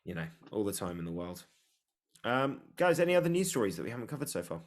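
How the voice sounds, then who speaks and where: A man with a low, deep voice talks in a loose, excitable way, joking as he goes. It sounds like an easy chat among friends on a podcast. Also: quick pace. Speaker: podcast co-host. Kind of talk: casual sports chat.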